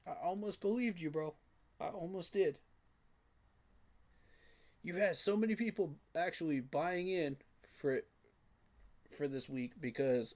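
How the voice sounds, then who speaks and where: A man's voice: a little high, unhurried, long pauses, darkish tone. A man giving a frustrated, emphatic postgame reaction rant, repeating his points for emphasis. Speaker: sports fan commentator.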